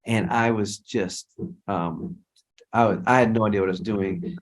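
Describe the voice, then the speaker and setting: A man's voice: fairly low pitch, normal speed. A middle-aged man, a guest worship leader, telling stories in a casual interview in a rambling way, with many restarts and quoted dialogue.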